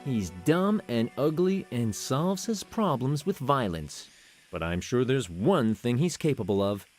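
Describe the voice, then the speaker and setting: A man's voice: medium pitch, animated, measured pace, faint music behind, lightly acted. An actor voicing a cheeky young male sorcerer in a video game, sarcastic and wisecracking. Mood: dry.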